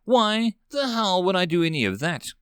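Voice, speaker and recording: A cranky male mechanic in a sci-fi audiobook, shocked and quick to argue, as a man voices him. The pitch swings widely and the sound is dry and close. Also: big pitch swings, a bit bright, clear, resonant tone, dry recording. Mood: irritated.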